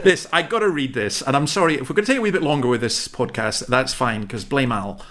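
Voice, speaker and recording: A man's voice: mid-range voice, animated, fast, a bit bright. A Scottish man hosting a podcast, opinionated and chatty. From Scotland. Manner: opinionated, chatty, laughs easily. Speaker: podcast host. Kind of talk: casual chat.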